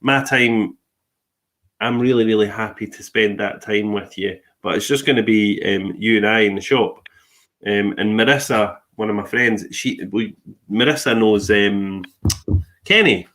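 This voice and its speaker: Man, low voice, casual storytelling, laughs easily, acts out quoted people. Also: a little slow, a bit bright. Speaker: podcast host and medium.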